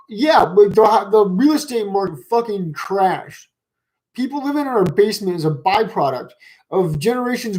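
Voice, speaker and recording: A man's voice: sits high, low-quality recording. Guy ranting at comments, swears nonstop, lots of like and um, heated and mocking. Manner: rambling, swears constantly, lots of fillers and restarts. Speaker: commentary vlogger. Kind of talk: profane rant reacting to comments.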